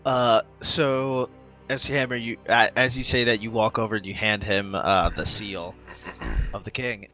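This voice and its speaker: A man's voice: fairly low pitch, steady tone, moderate pace, bright, forceful tone, faint music behind. A man narrating as game master in a casual, filler-heavy way.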